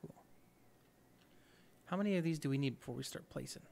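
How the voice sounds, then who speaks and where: A man's voice: a little high, brisk, gravelly, a little mellow. A man hosting a let's play, giving upbeat, chatty gameplay commentary and thinking aloud as he goes.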